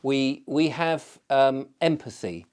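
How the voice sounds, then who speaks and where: A man's voice: medium pitch, expressive, slow, darkish tone, smooth. A man hosting his own channel, telling rambling stories in a casual, digressive way with lots of fillers. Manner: digressive storyteller, chatty with many fillers. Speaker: channel host. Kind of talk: casual rambling vlog chat.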